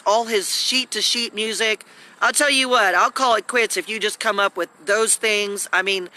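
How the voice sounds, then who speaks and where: A woman's voice: mid-range voice, sharp tone, slight background noise. A woman rambling and scolding through a live video at home, recorded on a phone. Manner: agitated, scolding, talks in long rambling runs.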